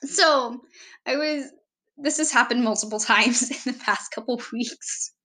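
A woman's voice: fairly high pitch, measured pace, sharp tone. A young woman casually introducing herself on her channel, rambling and giggling at herself. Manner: rambling, giggly, self-deprecating.

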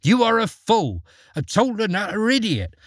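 A shrill, fiery storybook mother who scolds in rapid outbursts, put on by a man. The voice sits high and leaps all over, with a husky edge, in a dry, close sound. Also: sing-song, no echo. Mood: furious. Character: shrill, scolding peasant mother, fierce-tempered.

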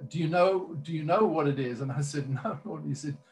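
A man's voice: on the high side, a little fast, a little hiss or hum. A man who is a minister, earnestly telling a personal testimony in conversation, rambling with many fillers and restarts.

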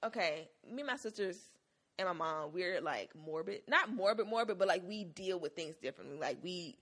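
A woman co-hosting a podcast, telling family stories in a casual, animated way and laughing often. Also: lowish voice, normal speed. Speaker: podcast co-host. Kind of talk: casual chat.

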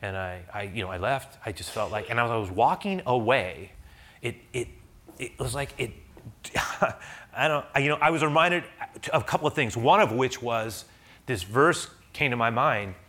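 Bright-voiced man preaching a personal story. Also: expressive, moderate pace. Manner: conversational storytelling, many restarts, swells loud and high when preaching. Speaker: pastor. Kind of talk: sermon.

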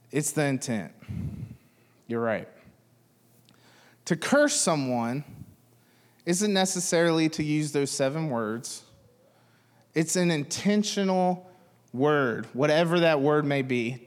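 A man's voice: a little high, long reverb tail. A man in his thirties preaching a sermon, talking casually and joking with the congregation. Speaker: pastor.

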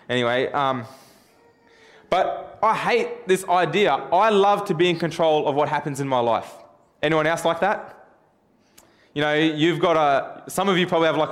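Man, preacher, self-deprecating, chatty asides, sermon storytelling. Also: mid-range voice.

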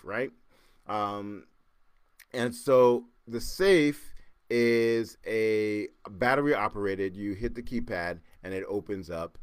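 Animated man hosting a podcast. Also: on the low side, clean tone, no room sound. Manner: animated, repeats words and acts out sounds. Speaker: podcast host. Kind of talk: casual storytelling monologue.

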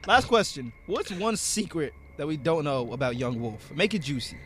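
A man's voice: on the high side, big pitch swings, moderate pace, fairly bright tone, faint music behind. A young man hosting a casual chat, asking playful teasing questions. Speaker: host.

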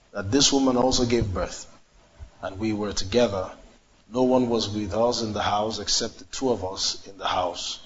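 A man's voice: medium pitch, lo-fi sound, a little hiss or hum. Man preaching, call and response. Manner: call-and-response preaching, asks the congregation questions. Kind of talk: sermon.

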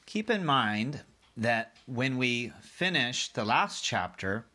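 A man's voice: mid-range voice, sharp tone. A man reading a book chapter aloud as a lesson, speaking directly to his students and giving them time to think. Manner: addresses listeners directly, pauses for them to think.

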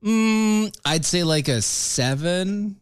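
A man co-hosting a radio show, teasing with deadpan asides in casual banter. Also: sits high, slow pace, clean tone, no room sound, studio quality.

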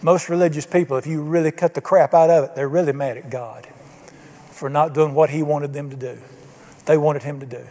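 A man's voice: a little high, steady tone, a little fast, mellow. An older man preaching a sermon, folksy and emphatic, asking his congregation questions. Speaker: pastor. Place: church sanctuary. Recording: church hall reverb.

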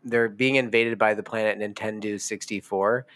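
A man's voice: lowish voice, moderate pace. A man co-hosting a podcast in casual chat, animatedly retelling scenes and acting out quotes. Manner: animated storyteller, acts out quotes. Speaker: podcast co-host.

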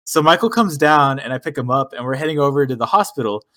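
A man's voice: mid-range voice, quick pace. Man telling a story among friends. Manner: swearing, animated retelling with quoted dialogue. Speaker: podcast co-host. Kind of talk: casual storytelling chat.

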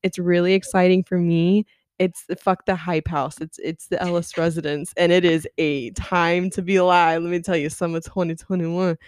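A woman's voice: lowish voice, moderate pace, no echo, clean studio sound. A young woman co-hosting a casual chat, telling work stories with lots of laughter and swearing. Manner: animated storytelling, laughs often, swears. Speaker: podcast co-host.

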